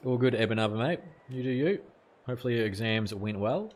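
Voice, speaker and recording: Speaking a little quickly in an animated, mid-range voice, a young Kiwi-accented man commentates cricket for his stream. He keeps it chatty and casual, reading chat aloud and dropping the odd mild swear word.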